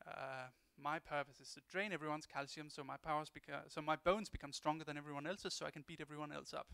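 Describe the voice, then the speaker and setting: A man's voice: on the high side, fairly even intonation, quick pace, creaky, pushed and bright, clean tone, no room sound. A man dubbing a boastful male supervillain in a comic reading, hammy and boastful. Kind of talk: comic dub of a webcomic.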